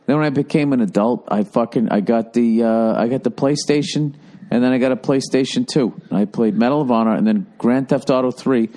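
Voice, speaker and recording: A man's voice: medium pitch, a little fast, mellow. A man co-hosting a casual comedy podcast, teasing and blunt, swearing freely as he tells stories. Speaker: comedian co-host.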